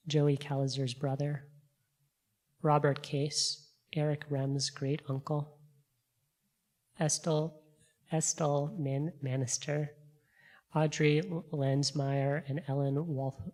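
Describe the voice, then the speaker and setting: Slow, flat-voiced service leader. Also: medium pitch. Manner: measured, even reading of a list. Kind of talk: reading names of the departed.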